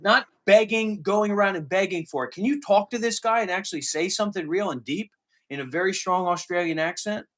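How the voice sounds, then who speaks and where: A man's voice: high voice, fairly quick, a bit bright. A man live streaming, talking bluntly and lecturing the person he addresses.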